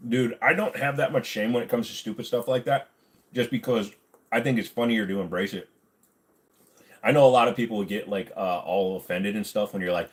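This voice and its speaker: A man's voice: lowish voice, a little fast. A man hosting a casual livestream from home, reading viewer comments in a crude, joking, laid-back way. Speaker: livestream host. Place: at home, on bed rest.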